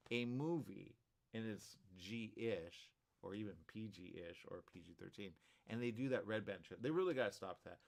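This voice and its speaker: Animated rambling male show host. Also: lowish voice. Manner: rambling, animated, many restarts and asides. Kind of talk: live morning show chat.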